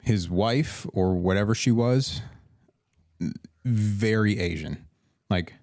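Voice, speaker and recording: This guy's voice sits fairly low and the sound is dead dry, close up with no room at all. he's a podcast guest from emergency response, rambling and swearing through a casual story, restarting his sentences as he goes. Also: slow, darkish tone, dry recording.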